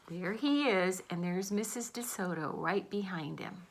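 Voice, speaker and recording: A woman reading a picture book aloud to children, slowly explaining the pictures. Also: mid-range voice, a little hiss or hum. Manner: slow, gentle, explaining the pictures. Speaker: storytime reader.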